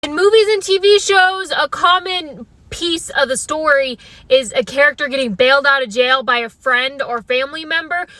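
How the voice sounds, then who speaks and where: A woman's voice: high-pitched, bright, forceful tone, no echo. A young adult woman telling a comedic story in a wry, self-deprecating way. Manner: wry, self-deprecating, slips into mocking voices.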